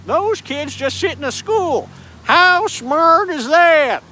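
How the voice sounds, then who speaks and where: A man putting on a hyped, folksy TV comedian's voice with drawn-out showman patter. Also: very high-pitched, lively intonation, pushed and bright, pitched above the performer's own voice, heavily acted. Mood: showman hype. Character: hyped folksy male TV comic, game-show pitchman.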